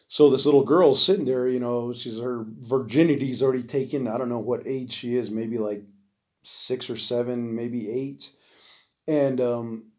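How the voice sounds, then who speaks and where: A man hosting a podcast, talking in a loose, rambling way with lots of fillers and casual swearing. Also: mid-range voice. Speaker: podcast host. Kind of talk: casual solo podcast monologue.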